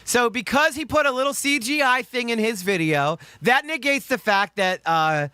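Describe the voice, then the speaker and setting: A man with a Southern US accent reacts to videos in an angry, profane rant. His voice swings up and down with a bright, cutting edge. The sound is dry and close. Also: extremely high pitch, expressive, moderate pace, clean tone, no echo. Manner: heated, profane, ranting. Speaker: commentary streamer reacting to videos.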